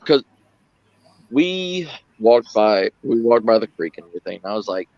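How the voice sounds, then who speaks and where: A man's voice: brisk, dry recording, muffled recording. A man telling a story in a casual chat, acting out the voices in the story and swearing freely. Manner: animated, acts out quoted lines with big pitch jumps, swears.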